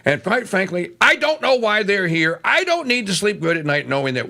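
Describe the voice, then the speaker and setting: A talk radio host from Louisiana rants through a heated political monologue. His voice is gravelly and bright, and his pitch leaps about with lively swings. He drops to muttering asides, then climbs to shouting. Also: moderate pace, hardly any pauses.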